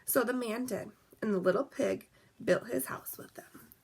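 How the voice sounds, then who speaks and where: A woman reading a picture book aloud in a lively, expressive way, dropping softly on the asides. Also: on the high side, moderate pace, gravelly, breathy edge. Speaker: storyteller. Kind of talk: storybook read-aloud.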